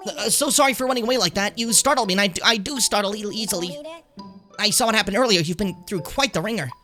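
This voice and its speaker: A man's voice: high voice, quick pace, bright, forceful tone, soft background music, voice pushed up. A man doing a polite hat spirit. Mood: earnest. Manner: formal, storybook-polite, reading lines aloud. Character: polite young male hat spirit, earnest.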